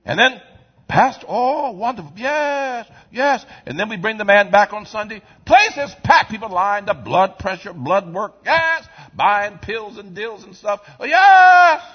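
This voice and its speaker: A man preaching a sermon in a church, swinging from quiet asides to shouted lines in a call-and-response style. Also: high voice, big pitch swings, normal speed, hardly any pauses, breathy edge, lo-fi sound. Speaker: pastor. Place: church sanctuary.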